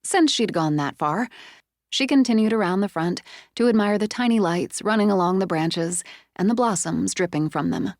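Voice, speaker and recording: A woman narrating a suspense novel, measured and expressive at a middle pitch. The sound is dry and close to the mic, with no room around it. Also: no room sound. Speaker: audiobook narrator. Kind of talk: scripted narration.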